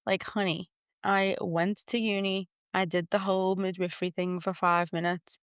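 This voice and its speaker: A young woman with a Liverpool accent hosting a podcast in a candid, chatty way, often quoting people in lively voices. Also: mid-range voice, moderate pace, clear, resonant tone, dry recording, clean studio sound. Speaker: podcast host, doula. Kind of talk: casual chat.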